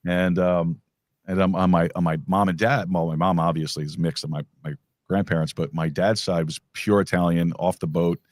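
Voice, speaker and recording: A man's voice: low-pitched, steady tone, moderate pace, dry recording, studio quality. A man hosting a podcast, chatting casually and rambling with lots of restarts and fillers. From New York. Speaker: podcast host. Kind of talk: casual conversation.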